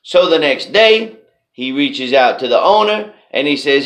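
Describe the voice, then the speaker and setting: A man with a fairly high voice gives a motivational storytelling talk. He speaks slowly and deliberately and leans on repeated phrases. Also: expressive, a bit bright.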